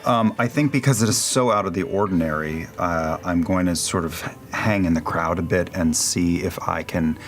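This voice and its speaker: A man playing a tabletop game, measured and courtly when speaking in character. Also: deep voice. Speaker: player. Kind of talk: tabletop role-play.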